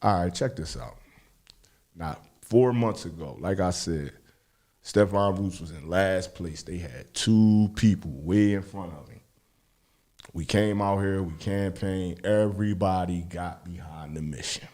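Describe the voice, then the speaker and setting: A man co-hosting a radio talk show, arguing heatedly, swearing and laughing often. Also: a little slow. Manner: animated, swearing, laughs often, swings loud and high. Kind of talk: heated casual debate.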